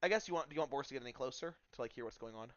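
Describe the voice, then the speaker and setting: A man's voice: medium pitch, animated, very fast, a bit bright, muffled recording. A man narrating a tabletop game as game master, casual and full of fillers.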